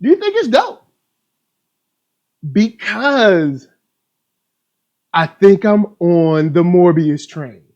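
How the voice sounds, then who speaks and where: A man's voice: high-pitched, big pitch swings, drawn-out words, long pauses, a little mellow, lo-fi sound. A man hosting a live stream trailer reaction chat, talking in a hype, playful, slang-filled way. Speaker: host.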